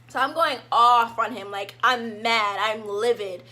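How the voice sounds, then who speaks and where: A young woman vlogger telling a casual storytime, animated, and acting out her own past lines dramatically. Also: on the high side, measured pace. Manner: animated, dramatic reenactments of herself.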